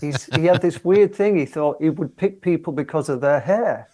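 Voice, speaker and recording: A man's voice: on the high side, normal speed, darkish tone. Chatty older man telling anecdotes. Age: 60s. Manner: chatty, often laughing while telling anecdotes. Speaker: guest singer. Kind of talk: relaxed storytelling interview.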